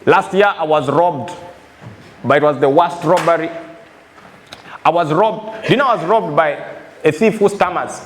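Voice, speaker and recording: A man's voice: on the high side, a little slow, long pauses. A man with a Ugandan accent performing live stand-up comedy, telling stories full of quoted voices and repeated "I said". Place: live comedy venue with a laughing audience. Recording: roomy live hall with crowd noise.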